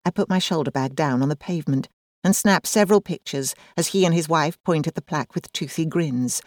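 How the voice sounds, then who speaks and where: A woman's voice: deep voice, fairly quick, dry recording, studio quality. A woman, reading a first-person audiobook in a wry, self-deprecating, conversational manner. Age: 40s. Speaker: audiobook narrator.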